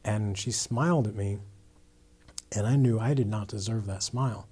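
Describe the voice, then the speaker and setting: Husky-voiced man telling his story. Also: lowish voice, normal speed, dark tone. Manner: earnest, with frequent restarts and "you know". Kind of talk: storytelling testimony interview.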